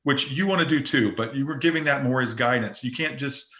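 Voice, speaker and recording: A man's voice: medium pitch, fairly quick, pushed and bright, dull audio. A man coaching real estate agents in a casual open forum. He speaks emphatically, repeats himself and often restarts his sentences. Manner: emphatic, repetitive, frequent restarts. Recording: roomy echo.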